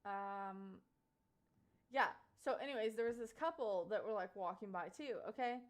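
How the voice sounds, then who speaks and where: Speaking at normal speed in a mid-range voice, a young woman live streamer casually tells her chat a story. She's animated, laughs often, and fills her talk with "like" and "um."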